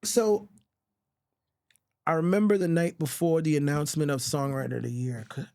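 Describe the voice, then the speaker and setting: A man's voice: fairly high pitch, fairly even intonation, moderate pace, vocal fry, darkish tone. A middle-aged man from the Virgin Islands, a songwriter guest telling stories candidly and emotionally, swearing often and calling people bro. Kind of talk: casual storytelling interview.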